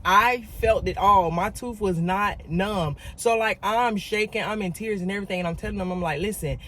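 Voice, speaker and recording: Speaking at normal speed in a mid-range voice, a woman recounts a story on her casual vlog. She talks straight to her audience with animated emphasis, often repeating words to drive points home.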